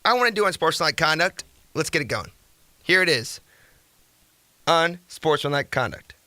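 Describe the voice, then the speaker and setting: A young man hosting a casual sports talk radio show, energetic and rambling, who slips into rhetorical rants. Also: on the high side, normal speed, no room sound.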